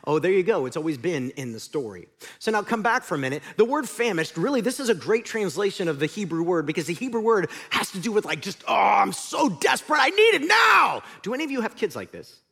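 A middle-aged man preaches a sermon with a high, lively voice that swings widely in pitch. His delivery is animated, rising to near shouts and falling to quiet intensity. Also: fast talker. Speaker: pastor.

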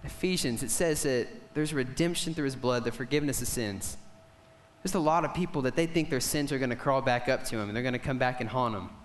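A young man preaching a sermon, telling a story with passion and swinging from loud declarations to hushed moments. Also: medium pitch, a little fast, a little hiss or hum.

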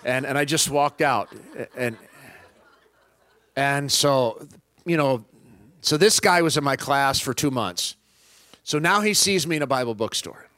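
A man preaching a personal testimony, telling it as an animated story and acting out both sides of the dialogue. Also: medium pitch, measured pace, long pauses, no echo.

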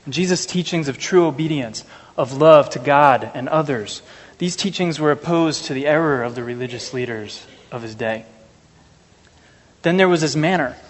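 A man with a fairly high voice preaches an earnest, measured sermon to a congregation. His voice carries a long reverb, as if from a church sanctuary. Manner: earnest, measured, anecdotal asides. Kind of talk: sermon with scripture reading.

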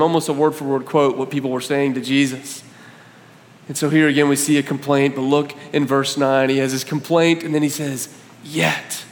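A man preaching a sermon, reading scripture aloud with building passion that rises toward near shouts. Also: medium pitch, steady tone, normal speed, long reverb tail. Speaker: pastor.

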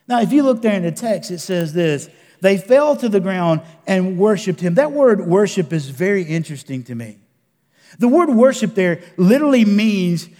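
High-ish preacher guy, earnest, says stuff twice, goes quiet for emphasis, church echo. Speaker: pastor. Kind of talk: sermon. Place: church sanctuary. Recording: long church reverb.

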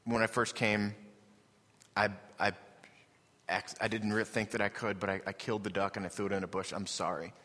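A man voicing a guilty young boy in a story, stammering and quiet. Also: fairly low pitch, level tone, normal speed. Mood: remorseful. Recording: long reverb of a large hall.

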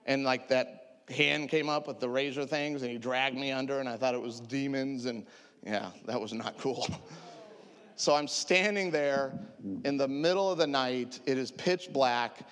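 Animated man in his forties, echoey hall. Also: medium pitch, measured pace, smooth. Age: 40s. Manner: animated, self-mocking, laughs often. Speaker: preacher sharing testimony. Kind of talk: humorous storytelling sermon.

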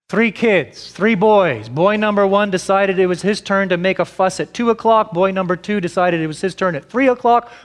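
A pastor in his thirties preaches with a slightly high voice. He takes his time, spacing out each rhetorical question and letting it land before moving on. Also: fairly bright tone. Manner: slow, deliberate preaching with repeated rhetorical questions. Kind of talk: sermon.

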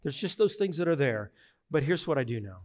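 Male pastor preaching, slightly high voice, earnest, emphatic, hushed to forceful. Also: sing-song, brisk. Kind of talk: sermon.

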